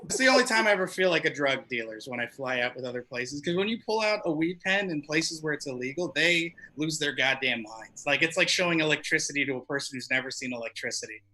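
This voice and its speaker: A man on a comedy club stage, telling a loose, profane stand-up story and slipping into quick impressions of the people in it. His voice is very bright and forward, pitched a little above the usual for a man. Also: lively intonation, rough recording.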